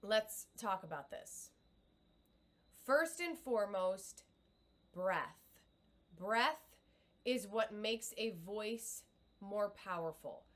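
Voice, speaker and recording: A woman's voice: mid-range voice, animated, extremely slow, pauses often, a bit bright. A middle-aged woman and communication coach, giving an upbeat, encouraging live video lesson with demonstrations.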